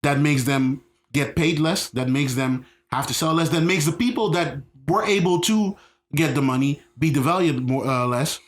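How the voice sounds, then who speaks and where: A man co-hosting a casual podcast, his voice a little higher than most men's. He argues emphatically, repeats phrases and restarts sentences as he builds his point. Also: normal speed. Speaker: podcast co-host. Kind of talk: casual chat.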